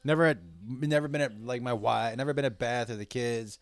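A man's voice: mid-range voice, a little fast, slight background noise. Rambling, profane man telling a story. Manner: rambling and profane, with loud outbursts. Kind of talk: casual storytelling.

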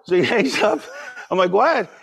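Middle-aged guy, slightly high voice, spinning a story, jumps into voices of people he quotes. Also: normal speed. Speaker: podcast guest. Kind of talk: casual storytelling.

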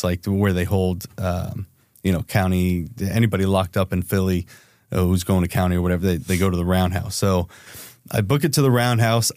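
Low-voiced swearing man. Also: darkish tone, dry recording, clean studio sound. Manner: swears freely, acts out quotes with raised pitch. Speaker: private investigator guest. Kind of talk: casual storytelling interview.

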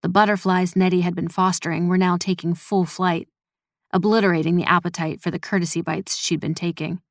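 A woman reading a story as a scripted narration in an even, measured manner. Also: lowish voice, no echo, studio quality. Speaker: audiobook narrator.

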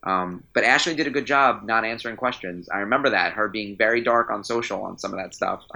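A man chatting casually as a podcast guest, an animated, rambling fan who restarts his sentences. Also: fairly low pitch, brisk, vocal fry, lo-fi sound. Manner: animated, rambling, self-interrupting storyteller; enthusiastic fanboy. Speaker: trading card company guest.

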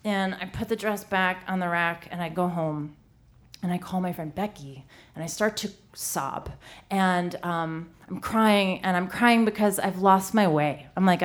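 A woman's voice: fairly low pitch, measured pace. A woman in her thirties telling a funny personal story on stage, self-deprecating and full of "like". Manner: comic, self-deprecating, lots of "like". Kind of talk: live storytelling.

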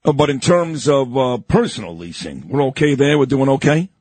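A middle-aged male radio host with a husky, fairly high voice whose pitch moves up and down a lot. He's chatty and conversational and steers his guest with easy questions. The studio sound is dry and close. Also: very animated, moderate pace, a little mellow, no room sound. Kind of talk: casual studio interview.

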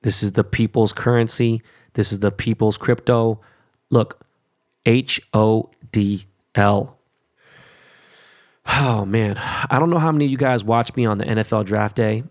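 This is a man talking off the cuff to his audience, swearing freely and jumping between topics with restless hype. His voice sits fairly low with a rough, gravelly fry running through it. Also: normal speed. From Korean descent stated, not origin. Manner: profane, rambling, hyped sports talk. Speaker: vlogger. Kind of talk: casual rant to camera.

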